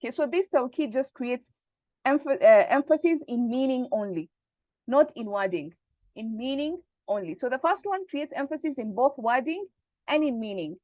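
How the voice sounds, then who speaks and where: A woman teaching Arabic grammar in an online class, explaining slowly and checking that students follow. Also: high-pitched, lively intonation, darkish tone, no echo. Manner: patient, repeats points and checks understanding.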